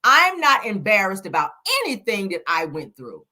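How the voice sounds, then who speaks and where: A woman's voice: mid-range voice, big pitch swings, moderate pace, sharp tone. A woman giving casual celebrity gossip commentary in a sassy, emphatic way, peppering her talk with "honey" and "child.".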